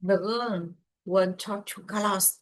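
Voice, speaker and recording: Slow-speaking woman answering English drills. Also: medium pitch, steady tone. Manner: short, careful answers with hesitations. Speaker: English student.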